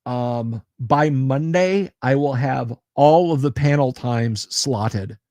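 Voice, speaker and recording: A man's voice: medium pitch, takes it slowly, dark tone, no room sound, studio quality. A man hosting a casual livestream, chatting in a rambling, self-interrupting way and reacting to viewer comments as he goes. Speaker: livestream host.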